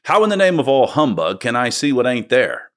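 A man reading aloud and voicing a surly, scornful male dwarf in a gruff, raised voice. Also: mid-range voice, very animated, a little fast, a bit bright, pitched above the performer's own voice.

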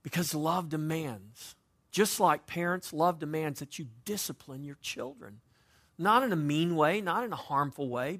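A man preaching to his congregation in a somewhat high voice. He swings from raised, emphatic lines to hushed, conversational asides, keeping a pastor's earnest sermon cadence throughout. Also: lively intonation, measured pace. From United States.

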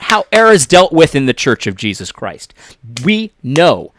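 A man giving impassioned commentary, preachy and repetitive, swinging between loud emphasis and near-whispered lines. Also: on the high side, very animated, normal speed.

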